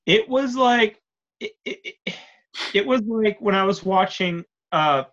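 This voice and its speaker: A young man with a slightly high voice jokes and swears freely in casual chat. His audio sounds dull and lo-fi. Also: lively intonation, a little slow, a bit bright. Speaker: podcast co-host.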